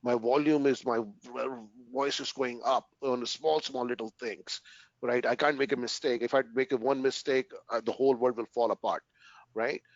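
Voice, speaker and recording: A man's voice: medium pitch, steady tone, dry recording, muffled recording. Earnest man asking "right?" after every point. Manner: earnest, repeats "right?" often, pauses to restart sentences. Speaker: interview guest. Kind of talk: casual conversational interview.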